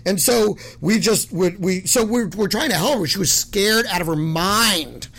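A loud, excitable middle-aged man telling animated stories as a guest, laughing as he goes. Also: sits high, measured pace. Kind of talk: animated storytelling.

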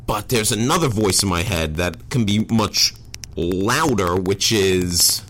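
Low-voiced man, rambling and candid. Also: lively intonation, slow, fairly bright tone, a little hiss or hum. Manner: rambling, self-deprecating, frequent "like". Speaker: guest. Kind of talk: casual conversation.

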